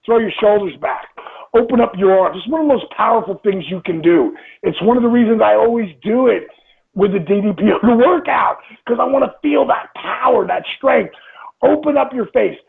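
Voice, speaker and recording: A man's voice: high voice, normal speed, vocal fry, husky. A man in his sixties giving a motivational interview, emphatic, repeating phrases and acting out inner voices. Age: 60s. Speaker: interview guest. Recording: tinny phone-like line.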